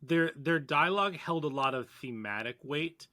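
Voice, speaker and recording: A man's voice: a little high, animated, moderate pace, pushed and bright. A man on a podcast panel, analytical and hesitant, with many fillers and restarts. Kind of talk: casual chat.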